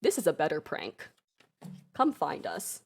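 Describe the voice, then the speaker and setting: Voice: medium pitch, huge pitch swings, a little slow, gravelly, pitched below the performer's own voice, exaggerated voice. A woman doing Rickless Nage, a taunting prankster.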